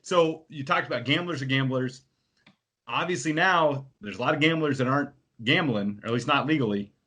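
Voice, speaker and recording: A man's voice: medium pitch, fairly quick, pushed and bright. A man interviewing a guest in an easygoing, casual way, laughing along with the stories.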